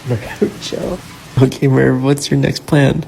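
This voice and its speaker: A woman's voice: rumbling low, fairly even intonation, slow pace, creaky, heavy background noise. A woman casually chatting to her pet cat in a playful, teasing baby-talk way. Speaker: cat owner. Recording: music playing behind the voice.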